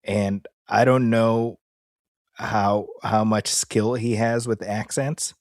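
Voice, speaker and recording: Animated male movie podcast co-host. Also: lowish voice, slow pace, no room sound, clean studio sound. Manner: animated, quotes people in put-on voices. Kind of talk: casual movie podcast chat.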